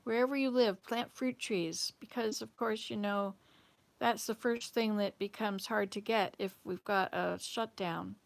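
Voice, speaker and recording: A woman's voice: medium pitch, fairly even intonation, a little slow, vocal fry. A woman from the Southern United States hosting, telling a story in a casual, rambling, digressive way. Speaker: host.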